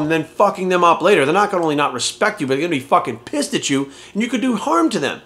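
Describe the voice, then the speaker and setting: A man's voice: sits high, expressive, fairly quick, a bit bright. A man talking as a fitness coach in a casual vlog rant, blunt and heavy on swearing and rhetorical questions.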